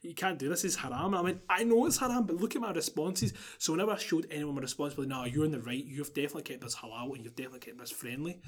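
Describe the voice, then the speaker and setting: A man's voice: on the high side, very fast, hardly any pauses, husky. A young man with a Glasgow Scottish accent telling a long story in casual chat, laughing and acting out what people said. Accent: Glaswegian Scottish. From Scotland. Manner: animated, laughing, swearing, acts out quotes. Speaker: podcast guest.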